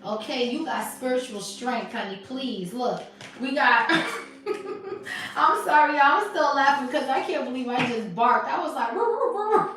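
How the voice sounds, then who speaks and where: A woman reads tarot live in a sassy, emphatic way. Her voice sits a little high. She sounds far from the mic in a very echoey room. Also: normal speed, fairly bright tone. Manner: sassy, emphatic, laughing often. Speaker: tarot reader.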